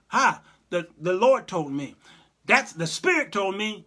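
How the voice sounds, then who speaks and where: A man's voice: high-pitched, very animated, a little slow, pushed and bright. A middle-aged man hosting an online talk show, chatting casually, laughing often and mimicking people as he comments. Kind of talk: casual commentary show reading live chat.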